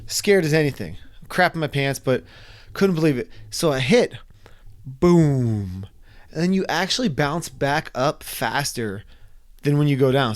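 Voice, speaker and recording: Young man, slightly high voice, animated storyteller, casual vlog. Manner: animated, acts out his own screams and quotes. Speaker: vlogger telling a personal story.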